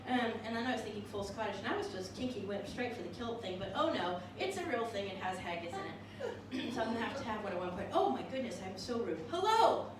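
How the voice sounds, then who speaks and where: A woman's voice: mid-range voice, animated, fast talker, few pauses, background noise. A woman doing a cabaret show, chatting to a small live audience between songs with wry, self-mocking humor. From California. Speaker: cabaret comedian. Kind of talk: cabaret show, singing and stand-up. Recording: distant echoey live room with music.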